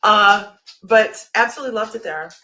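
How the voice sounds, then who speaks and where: A woman's voice: medium pitch, normal speed, sharp tone, low-quality recording. A woman with a slight Southern American accent hosting a livestream, chatting casually and telling a story with lots of asides. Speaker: psychic livestream host.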